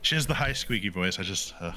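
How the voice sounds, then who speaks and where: A man narrating as game master in a tabletop game, halting with many fillers, his voice a bit sore. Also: low voice, expressive, bright, forceful tone, faint music behind.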